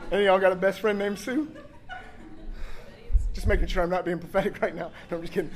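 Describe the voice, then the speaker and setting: A man's voice: sits high, steady tone, quick pace, long pauses. A man preaching a sermon as pastor, in a casual, joking way, acting out quotes and saying "like" a lot. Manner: casual, joking delivery with acted-out quotes and frequent 'like'.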